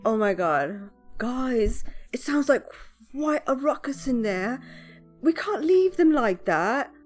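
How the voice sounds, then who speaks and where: A woman playing a character in a tabletop role-playing game, urgent and expressive, with soft music underneath. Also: on the high side, slow pace. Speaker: player.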